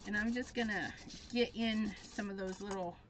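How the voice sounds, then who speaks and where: A woman hosting a crafting tutorial, chatting casually and thinking aloud, easily excited as she works. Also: mid-range voice, moderate pace. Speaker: craft demonstrator. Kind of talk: live crafting tutorial chat.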